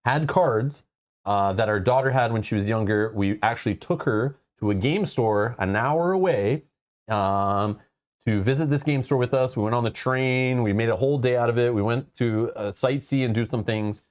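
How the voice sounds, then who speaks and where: A man with a medium-pitched voice hosts a casual board game livestream for his channel. Talking at a normal speed, he rambles loosely and often restarts his sentences.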